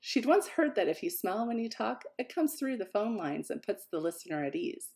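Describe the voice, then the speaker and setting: A woman author reading an excerpt from her own novella with a lively, expressive delivery. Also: mid-range voice, fairly quick.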